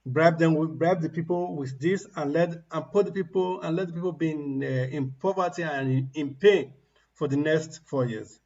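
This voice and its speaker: A man's voice: fairly high pitch, normal speed, darkish tone, highs cut off. A man giving mocking, ranting political commentary on a livestream, laughing at the people he criticizes.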